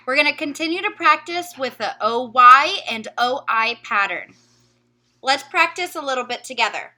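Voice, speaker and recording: A woman teacher giving a recorded phonics lesson to young children, sounding out letters and words slowly and carefully. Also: sits high, lively intonation, pushed and bright.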